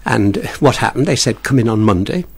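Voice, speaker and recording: A man's voice: medium pitch, expressive, brisk, gravelly, husky. An older man, a retired broadcaster, chatting through stories from his early life in an interview, with small chuckles and repeated words. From born in England, raised in Ireland. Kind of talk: relaxed anecdotal interview talk.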